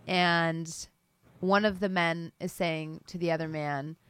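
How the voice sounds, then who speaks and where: A woman's voice: lowish voice, fairly even intonation, takes it slowly, a bit bright, clear, resonant tone, no echo, clean studio sound. A woman running a tabletop game as game master, narrating playfully and laughing along with her players.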